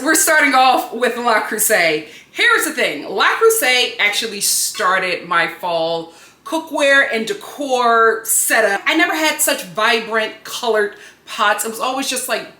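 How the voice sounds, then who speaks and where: A woman from Philadelphia chatting to the camera in her home kitchen, excitable and chatty, laughing often. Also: a little high, unhurried. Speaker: home lifestyle vlogger. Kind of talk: casual chat to camera. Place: home kitchen under studio lights. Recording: echoey room.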